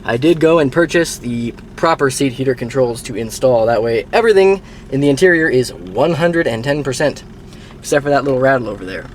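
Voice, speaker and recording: Filming himself on a handheld camera, a man chats wryly about his car repair, grumbling a bit, first standing by the car and then driving it. His mid-range voice is expressive and fairly quick, and the casual vlog has slight background noise from the camera mic.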